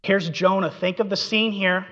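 A man's voice: sits high, fairly even intonation, moderate pace, fairly bright tone. A man preaching a sermon, telling the story with animation and acting out the quotes, in a dull recording in a reverberant hall. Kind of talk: expository sermon.

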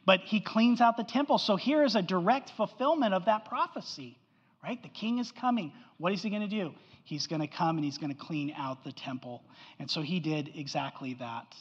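A male pastor preaches a conversational sermon, tossing in quick tag questions to the room. His voice carries a long reverb tail, like a big sanctuary, and the recording sounds dull and muffled. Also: sits high, slightly rough. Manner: conversational preaching, keeps asking "right?".

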